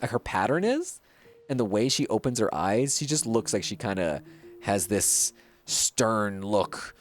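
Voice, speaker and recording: Chatty streamer with a wildly varied pitch. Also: very animated, unhurried. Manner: chatty and giggly, with many fillers. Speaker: gaming streamer. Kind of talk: casual gameplay commentary.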